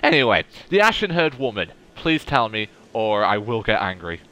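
A man giving animated, chatty let's play commentary as he plays. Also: on the low side, normal speed. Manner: animated, chatty, self-deprecating. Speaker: gaming video host.

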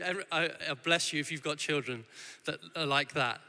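A man in his thirties preaches with a very bright, forward voice that sits a little high. He talks in a loose, conversational way, often restarting his sentences. The sound carries a long church-hall reverb. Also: steady tone, a little fast. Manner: warm conversational storytelling with frequent restarts. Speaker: guest preacher. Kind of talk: sermon.

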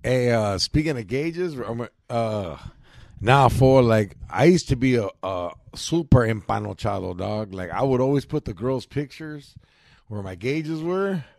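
A young man jokes around in casual podcast banter. He talks at a middle pitch and is full of street slang. The recording is close and dry. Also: animated, unhurried, creaky, darkish tone, no echo. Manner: joking, slangy, calls people dog and fool. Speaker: podcast co-host.

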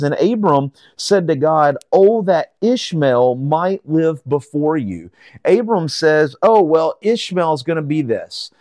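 A man teaching through a Bible chapter verse by verse, reading the verses slowly and explaining them in a casual way, with fillers and restarts. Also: fairly high pitch, darkish tone, dry recording, studio quality.

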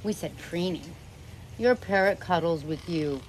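Speaking at a fairly low pitch and a measured pace, a middle-aged parrot owner rambles affectionately to camera from home, sometimes turning to address her birds. The recording is rough, with slight background noise.

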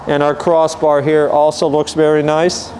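A man narrates a casual walkaround of a classic car for sale, dealer-style, easygoing and methodical with frequent "um"s and "uh"s. He speaks at a moderate pace in a voice on the high side with completely flat delivery, against a noisy background.

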